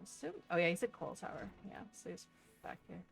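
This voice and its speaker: A woman's voice: lowish voice, a little fast, gravelly, music in the background. A young woman chatting casually to her stream while playing a game, laughing and swearing as she goes. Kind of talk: casual live-stream chat.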